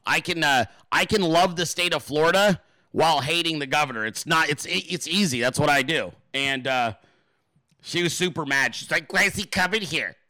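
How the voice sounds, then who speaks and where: A man's voice: normal speed, bright, forceful tone, no room sound. A man hosting a casual livestream Q&A, swearing freely, mocking his chat and ranting. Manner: profane, mocking, puts on shrill voices. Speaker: livestream host. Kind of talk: crude casual livestream rant.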